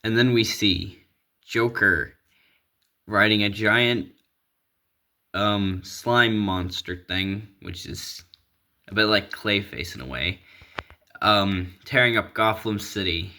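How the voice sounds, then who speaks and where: A man's voice: on the low side, slow pace, long pauses, pushed and bright. A man casually retelling a comic story, rambling with lots of fillers and small laughs. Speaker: comic recap vlogger.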